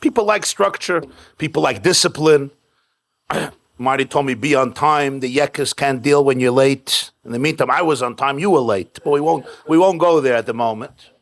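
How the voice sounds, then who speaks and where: Animated rabbi preaching to a crowd. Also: male voice, mid-range voice, normal speed, creaky. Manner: animated, punchy storyteller with short repeated phrases. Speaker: rabbi giving a keynote address. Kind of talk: sermon with jokes and storytelling. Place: private home event with live audience.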